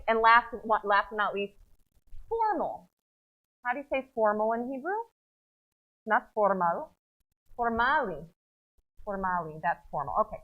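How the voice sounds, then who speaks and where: Woman, rabbi, casual playful sermon, mid-pitch voice, dull muffled audio. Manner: chatty, playful, self-interrupting. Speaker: rabbi leading services. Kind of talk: sermon talk to a congregation. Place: synagogue sanctuary.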